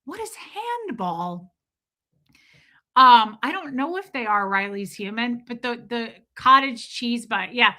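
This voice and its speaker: A livestream host chats casually with her viewers, freely telling stories while laughing and swearing along the way. Her voice is a little high, bright and pushed, and she speaks unhurriedly with few pauses.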